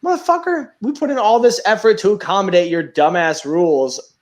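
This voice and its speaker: A man's voice: sits high, animated, fairly quick, darkish tone. Swearing, rambling young man on a podcast. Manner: rambling, sarcastic, swears a lot. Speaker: podcast host. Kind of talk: casual profane podcast chat.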